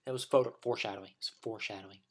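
A man's voice: fairly low pitch, steady tone, racing. A man delivering a rambling, profane opinion rant as a vlogger, full of restarts and blunt insults.

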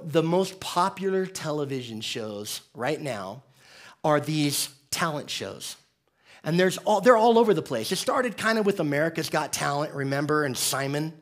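A man from the United States preaching a conversational, joking sermon as pastor. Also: on the high side.

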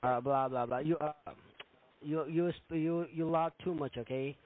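Quiet hesitant male phone voice. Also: a little high, moderate pace. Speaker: call center agent. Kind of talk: phone support call. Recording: faint tinny phone line.

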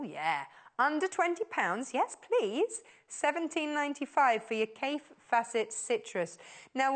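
In a TV studio, a woman on a shopping channel delivers a live on-air sales pitch. She gushes with enthusiasm, repeating words of praise again and again.

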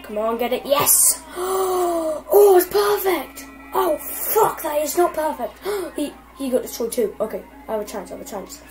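A young woman giving casual, excitable commentary over gameplay and swearing constantly at her opponents. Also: high voice, moderate pace, hardly any pauses, rough recording. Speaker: gamer. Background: faint game music.

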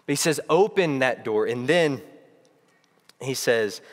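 A man's voice: mid-range voice, expressive, measured pace. A young man preaching a sermon to his church, earnest and reflective, often restarting his phrases. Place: church sanctuary. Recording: long reverb of a church hall.

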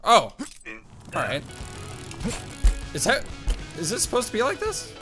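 An excitable man talks through his gameplay in a loose, casual way, often breaking into yelps and exclamations. His voice sits a little high and swings widely in pitch. Game music plays clearly behind him. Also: slow. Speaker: gaming YouTuber.

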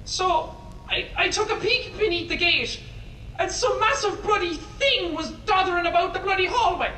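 A voice actor plays a nervous male factory worker who rambles through a story and swears mildly. The very high voice comes at a moderate pace, pushed and bright, captured on an echoey tape recording from a distance with a little hiss or hum.

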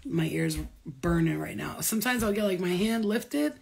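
Husky, rambling, foul-mouthed woman medium. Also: lowish voice, moderate pace. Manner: rambling, profane, excitable. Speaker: spiritual medium. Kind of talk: casual spiritual vlog.

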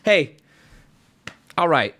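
A man streaming live, talking casually to his chat and reacting to donations, loud and excitable, often breaking into shouts. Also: on the high side, extremely slow.

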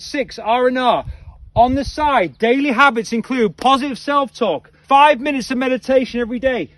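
A male head coach giving an upbeat, energetic coaching talk, quizzing listeners and calling them team. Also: extremely high pitch, dry recording. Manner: energetic, playful.

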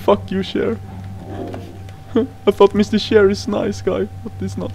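A woman commentating a horror game playthrough, jumpy and frightened, swearing, laughing nervously and shouting in fright. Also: medium pitch, level tone, unhurried. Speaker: gaming channel host. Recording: game music behind the voice.

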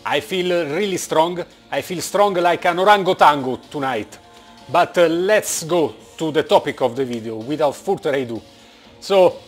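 Animated Italian-accented man, slightly high voice. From Italy. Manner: animated, joking, blunt, with frequent fillers. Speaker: vlogger. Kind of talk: casual vlog monologue. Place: indoors, working in Germany.

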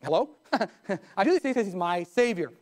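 A man's voice: high-pitched, big pitch swings, moderate pace. A pastor preaching a live sermon in his church, who often asks the congregation questions and tells stories to make his points.

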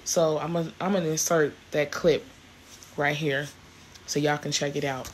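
A woman's voice: low-pitched, steady tone, moderate pace, slight background noise. A woman, chatting casually to camera in a vlog, grateful and rambling with many restarts. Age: 40s. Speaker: vlogger.

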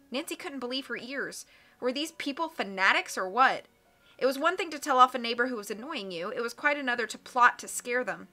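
A woman narrating an audiobook in a clear, expressive reading voice. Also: on the high side, fairly quick, faint music behind. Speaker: audiobook reader.

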